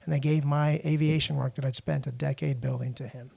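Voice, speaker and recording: A middle-aged man from the United States, a podcast guest telling a personal story in a halting way, with frequent restarts and fillers. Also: medium pitch, fairly even intonation, gravelly, a little mellow. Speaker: podcast guest, international lawyer.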